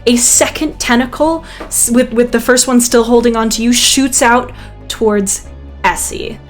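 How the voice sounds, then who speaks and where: Woman game master, vivid descriptive narration, slightly high voice, faint music behind. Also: steady tone, measured pace. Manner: vivid, descriptive, with frequent ums and self-corrections.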